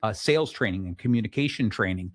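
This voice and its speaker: A man's voice: on the low side, quick pace, dry recording. A man hosting his own talk show, telling stories with energy and frequent restarts. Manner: energetic storytelling, many restarts. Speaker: host. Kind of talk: casual chat.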